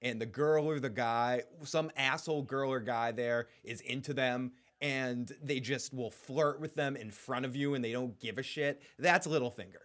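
A man co-hosting a casual TV recap podcast, talking in an animated, profane way and acting out the characters' lines. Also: medium pitch, moderate pace, hardly any pauses. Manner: animated, profane, acts out quotes. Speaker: podcast co-host. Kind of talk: casual chat.

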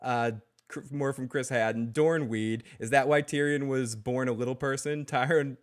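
A man hosting a casual episode-recap podcast, excitable and rambling with many restarts, reading out listener comments. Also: medium pitch, moderate pace. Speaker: podcast host.

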